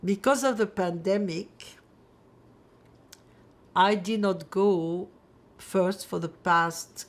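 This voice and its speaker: Older woman, from France, oral history testimony, halting with fillers, slow, gravelly. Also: medium pitch. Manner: reflective, halting, many fillers. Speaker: Holocaust survivor interviewee.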